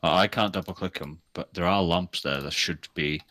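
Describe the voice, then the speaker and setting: A deep-voiced man leads a tabletop game, with a bright, forceful edge to his words. He talks loosely and swears as he fiddles with the map. The sound is dry and close. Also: moderate pace, no room sound. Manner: casual, swears freely while fiddling with the map. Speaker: game master. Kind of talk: running an online tabletop game.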